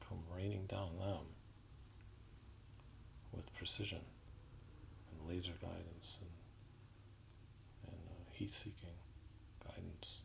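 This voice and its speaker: A man delivering an indignant, sarcastic political commentary monologue, halting with frequent restarts. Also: sits low, gravelly, slight background noise, rough recording.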